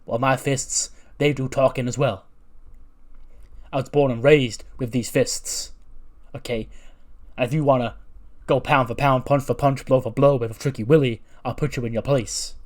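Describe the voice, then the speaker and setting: A man's voice: mid-range voice, steady tone, moderate pace, natural voice. A man voicing a brash male wrestler who taunts his rival in a sing-song way. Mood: taunting. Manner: trash-talking, taunting, sing-song chants.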